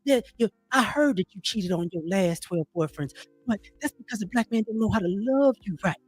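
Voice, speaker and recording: A man putting on the voice of a soft-spoken, flattering man who gushes praise in a hushed, syrupy way. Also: high-pitched, a little fast, breathy edge. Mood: mock tender.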